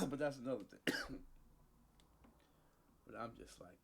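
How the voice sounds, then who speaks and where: A man's voice: medium pitch, wildly swooping pitch, extremely slow, gravelly, pauses often, pushed and bright. A man casually telling a personal story into a studio microphone, slangy and profane, acting out the people he quotes.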